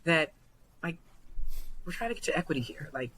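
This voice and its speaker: A young woman coach talks on a podcast, full of "like" fillers and lively telling. Her voice is bright with a forceful edge, and a faint hiss sits behind it. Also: low voice, moderate pace, rough recording. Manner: animated storyteller, many "like" fillers. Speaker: basketball coach and podcast guest. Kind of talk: casual podcast conversation.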